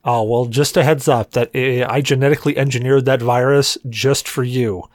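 A man's voice: medium pitch, fairly even intonation, moderate pace, no echo, clean studio sound. A man hosting a podcast, teasing his guests in crude joking banter. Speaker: podcast host.

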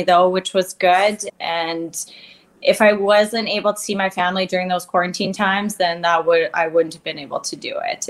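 A woman from Canada, a guest in an interview, speaking openly and plainly about hard times in a candid conversation. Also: lowish voice. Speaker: guest, athlete.

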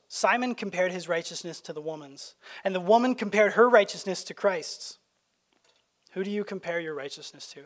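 High-voiced male pastor preaching. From Canada. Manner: conversational, anecdotal preaching with frequent restarts. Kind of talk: sermon. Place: church sanctuary.

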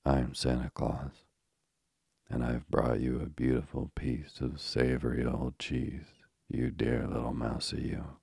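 A man's voice: rumbling low, little pitch movement, unhurried, gravelly, a little mellow, slightly rough, dry recording, clean studio sound, heavily acted. A man voicing a cruel female cat who pretends to be a kind Santa, coaxing in a falsely sweet way.

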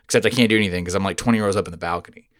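A man hosting a podcast, telling a rambling, profane story with sudden loud outbursts. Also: deep voice, very fast, no echo, clean studio sound. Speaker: podcast host. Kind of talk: casual storytelling chat.

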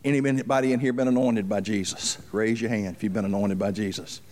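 A male pastor preaching a fervent sermon, repeating himself and building up loud as he tells stories. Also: on the low side, fairly even intonation, fairly quick. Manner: fervent, builds up loud while telling a story; repeats himself and restarts for emphasis.

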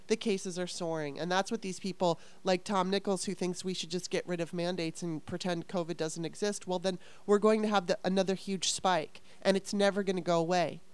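A woman venting in a heated casual conversation, fast and exasperated, swearing often. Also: fairly low pitch, fairly even intonation, smooth.

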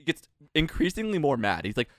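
A young man hosting a podcast, telling animated stories in casual chat and acting out the quotes. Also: fairly high pitch, a little fast, no room sound, clean studio sound. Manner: animated storyteller, acts out quotes. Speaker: podcast host.

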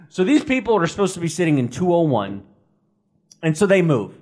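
A man's voice: sits high, very animated, normal speed, a little mellow. A man with a slightly raised voice, telling a story in chatty, wry banter. He co-hosts a casual podcast. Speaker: podcast co-host.

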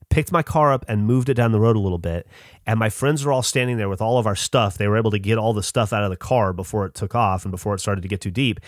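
A man's voice: on the low side, dry recording, studio quality. A man casually telling a long, rambling story as a podcast host, with lots of swearing and restarts.

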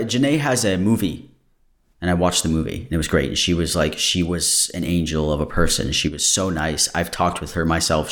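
Low-pitched male podcast host; candid, rambling solo talk that wanders off mid-sentence. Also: fairly bright tone. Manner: candid and digressive, breaks off mid-thought. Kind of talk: casual solo podcast monologue. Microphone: camera-recorded.

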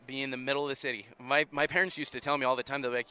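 Bright-voiced easygoing man in his thirties. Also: medium pitch, fairly even intonation, rapid-fire, a little hiss or hum. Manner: easygoing, restarts sentences, laughs easily. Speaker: podcast host. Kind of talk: casual interview chat.

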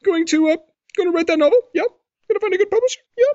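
A sarcastic cartoon baby boy nags in a sharp, high sing-song voice, as a man puts him on. The pitch leaps well above the man's own talk, and the audio is dull and lo-fi. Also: very fast, no echo. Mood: needling.

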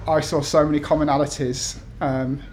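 A man's voice: on the high side, flat delivery, normal speed, darkish tone, slight background noise. A man in his thirties from the UK, an author talking to an event audience with many ums and restarts, then reading his essays aloud. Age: 30s.

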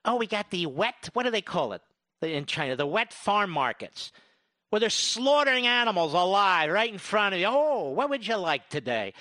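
Guy with a really high bright voice, sarcastic, ranting and listing stuff nonstop, dry close sound. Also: expressive, normal speed, no room sound. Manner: sarcastic, rattles off long lists. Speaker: commentator. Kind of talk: ranting grocery-store monologue.

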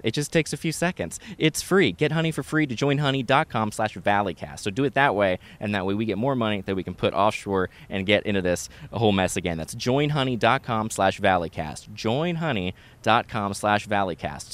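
A man co-hosting a podcast, reading a sponsor ad in a deadpan, rambling way full of fillers and jokes. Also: on the low side, fairly quick, hardly any pauses. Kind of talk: jokey improvised ad read and casual chat.

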